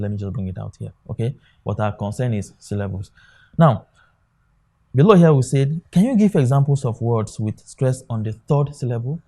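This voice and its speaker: A man gives an exam lesson in a mellow, warm voice. He walks through examples on a board, stopping often to say "okay" and check that students follow. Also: medium pitch. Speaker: exam tutor. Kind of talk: classroom lecture.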